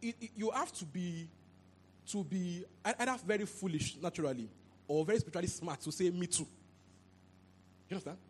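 A man preaching a sermon into a handheld mic, animated and repetitive, often asking if the listeners understand. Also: high voice, brisk, pauses often, slight background noise. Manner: animated, repeats phrases, asks "you understand?". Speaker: pastor.

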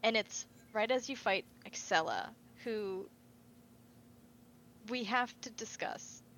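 A woman co-hosting a casual fan podcast, retelling game scenes in an animated way and quoting the characters. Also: medium pitch, slow pace, slight background noise, rough recording. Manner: animated storytelling, quotes characters in asides. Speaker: podcast co-host.

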